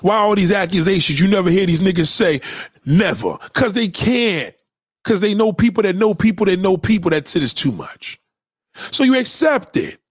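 This high-pitched man is expressive and slightly rough, speaking at a moderate pace. He's ranting to his followers, profane, heated and blunt, with points said over and over, recorded in clean studio sound with no room noise.

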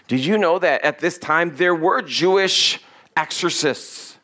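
A man's voice: fairly high pitch, measured pace, bright, forceful tone. A man preaching a conversational sermon, reading scripture and acting out quoted lines in voices. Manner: casual, acts out quotes in voices. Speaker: pastor.

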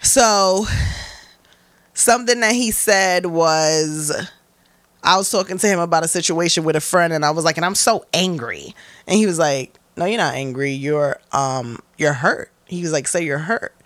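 A woman's voice: sits low, moderate pace, no room sound. A young woman guest in an interview, speaking candidly and bluntly with profanity, acting out quotes as she tells her stories. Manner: blunt, profane, animated storytelling with acted-out quotes.

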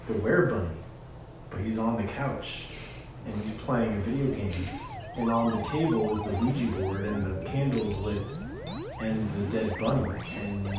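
Young man building suspense, distant and echoey. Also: fairly low pitch. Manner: dramatic, suspense-building storytelling. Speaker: storyteller among friends. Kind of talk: casual comic storytelling. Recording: distant, very echoey, music playing.

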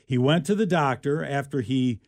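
A man's voice: mid-range voice, normal speed, a little mellow, no echo, clean studio sound. A man co-hosting a radio show, chatting casually and jokingly about an odd news story, often restarting his sentences. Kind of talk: casual talk radio banter.

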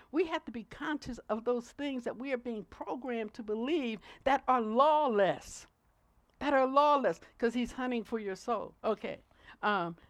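A woman preacher giving a sermon, reading scripture and building to forceful emphasis while asking listeners to follow along. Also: a little high, no echo.

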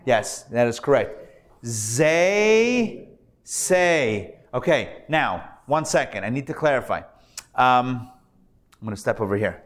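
A rabbi with a medium-pitched, somewhat bright voice teaches a live Hebrew reading class in a classroom before an audience. He sounds out syllables slowly and patiently checks that his students are keeping up.

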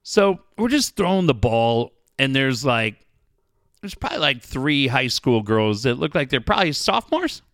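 A middle-aged man co-hosts a podcast, swapping profane stories in relaxed banter and laughing often. His voice sits a little high with a fairly bright tone, and the studio-quality recording has no room sound.

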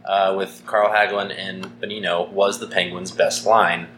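A Canadian man with a lowish voice co-hosts a casual podcast chat, making firm points with dry jokes and frequent ums. The room is echoey, with a faint hiss behind him. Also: flat delivery, moderate pace, fairly bright tone. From Saskatchewan, Canada. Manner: opinionated, dry jokey, many ums. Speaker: podcast co-host.

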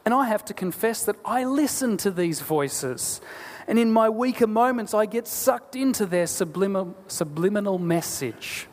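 A man preaching a sermon as a pastor, earnest and deliberate, asking rhetorical questions. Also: high-pitched, animated. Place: church. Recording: long church hall reverb.

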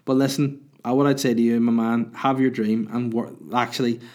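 A man's voice: mid-range voice, little pitch movement, normal speed, darkish tone. A man hosting his own podcast, chatting casually and answering listener questions. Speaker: podcast host and comedian. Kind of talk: casual solo podcast chat.

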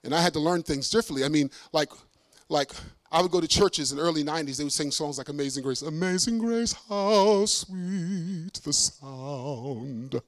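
A man's voice: a little high, fast, dry recording. A middle-aged man from Brooklyn, a traveling preacher telling funny stories in a sermon and acting out voices. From Brooklyn, New York. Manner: animated, acts out voices, laughs often. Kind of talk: humorous sermon storytelling.

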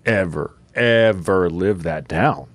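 A man with a low voice hosts a talk show in a loose, chatty way. He laughs often and slips into quick impressions as he tells stories. The sound is dry and close to the mic. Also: dry recording. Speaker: host. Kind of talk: casual chat on a Catholic talk show.

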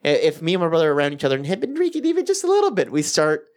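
Give me a podcast co-host from Louisiana with a mid-pitched voice. Laid-back storytelling with casual cursing, in easygoing banter. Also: wildly swooping pitch, very fast, a little mellow.

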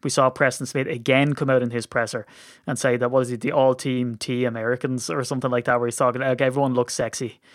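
A man hosting a sports podcast in casual chat, jokey and teasing, feeling a bit rough. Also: mid-range voice, flat delivery, no room sound, clean studio sound. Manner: chatty, jokey, quick to tease. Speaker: podcast host.

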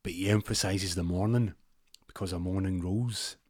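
A Scottish man telling a rambling comic story with deadpan asides. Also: low voice, normal speed, dry recording, studio quality.

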